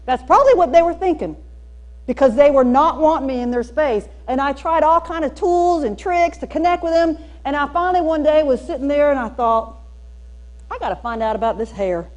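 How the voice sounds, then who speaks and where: A woman with a Southern US drawl tells stories to a room of teachers, her voice sitting high. She is folksy and animated, and she leans hard into her punchlines. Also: fairly quick. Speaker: speaker at a teacher training day. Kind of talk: storytelling keynote talk. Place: church hall used for a school district training.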